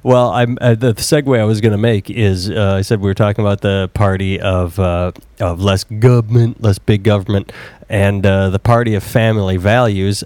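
A man's voice: lowish voice, fairly even intonation, moderate pace, a little mellow, dry recording. A man co-hosting a casual podcast, commenting on the news with wry sarcasm. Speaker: podcast co-host. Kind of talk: casual chat.

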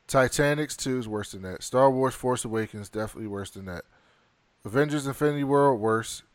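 A man co-hosting a casual movie review chat, reading off a list and adding quick casual opinions. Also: medium pitch, no echo. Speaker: podcast co-host.

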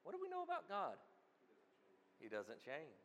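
A pastor preaching with a high voice, swinging between loud, emphatic declarations and quiet asides. His sermon rings with the long reverb of a large hall. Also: huge pitch swings, moderate pace, slight background noise.

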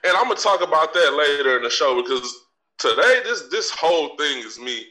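With a fairly high, bright, forceful voice that swings widely in pitch and runs a little fast, a podcast host delivers a profane, swaggering comedic rant and trash-talks freely. Faint crowd noise comes through on the distant mic.

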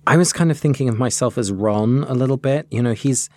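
A man co-hosting a podcast, reflective and gently guiding listeners through a reading and discussion. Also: medium pitch, a little fast, no room sound. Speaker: podcast co-host.

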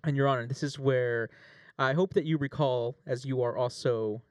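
A man's voice: medium pitch, normal speed, no room sound, studio quality. A man telling a long story with jokes and swearing, playing a plaintiff in a mock trial. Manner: animated, swearing, jokey. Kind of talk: casual mock courtroom storytelling.

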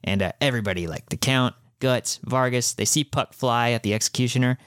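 A man's voice: mid-range voice, a little fast, fairly bright tone, dry recording, studio quality. A man co-hosting a podcast, recapping a manga in loose, rambling casual chat, full of fillers and casual swearing. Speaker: podcast co-host.

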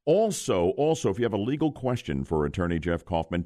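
Deep-voiced male morning radio host. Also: sing-song, dark tone, no room sound, clean studio sound. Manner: chatty, quick to react and joke. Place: radio studio. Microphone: studio microphone.

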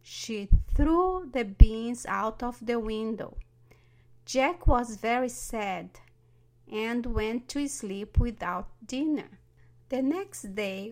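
A woman tells a children's fairy tale in an unhurried storybook voice. She reads at a very slow, deliberate pace, and her voice sits a little higher than most women's. Every line comes out even and careful. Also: gravelly. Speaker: narrator. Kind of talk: storybook narration.

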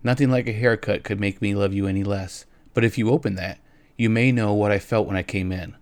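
Man reading as a quiet young husband, slow, calm, low and dry. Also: no room sound, close to an everyday voice. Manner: slow, measured.

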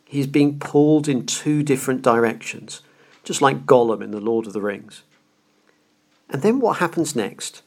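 A man's voice: medium pitch, expressive, moderate pace, darkish tone. A man hosting a podcast, lecturing about a classic novel in an earnest, emphatic way. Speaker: podcast host.

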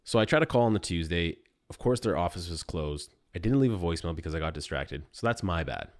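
A man in his thirties hosting a podcast, telling a personal story in a casual, animated and self-deprecating way. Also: low voice, fast, no room sound, clean studio sound.

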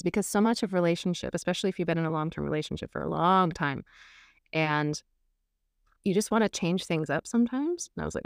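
A woman's voice: on the low side, fast, vocal fry, no echo, studio quality. A woman relationship coach talking frankly and candidly on a podcast, laughing often as she speaks.

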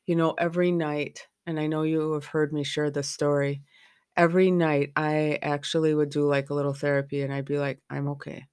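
A woman's voice: deep voice, level tone, a little fast, darkish tone, smooth, dry recording, clean studio sound. A middle-aged woman hosting a podcast, talking frankly and candidly from her own experience. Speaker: podcast host. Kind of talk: candid personal podcast talk.

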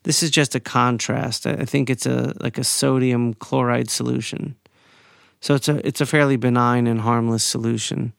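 A man in his forties telling a personal story in a casual, animated way, sometimes profane and heated. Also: medium pitch, moderate pace, vocal fry, no echo, clean studio sound. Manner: animated, profane, rising to anger.

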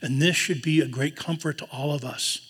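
Earnest preacher in a reverberant hall. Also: male voice, a little high, steady tone, normal speed, husky. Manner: earnest, drops to a hushed voice for tender quotes. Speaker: pastor. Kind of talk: sermon.

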